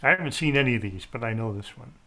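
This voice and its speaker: A man hosting a casual talk show, relaxed and quick to laugh as he keeps score. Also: mid-range voice. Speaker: host.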